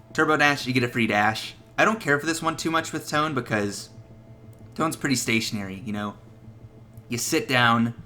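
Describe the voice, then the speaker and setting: A man's voice: medium pitch, sharp tone. A young man giving casual, profane gameplay tips as a voice-over, laughing at his own jokes. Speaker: gaming video creator.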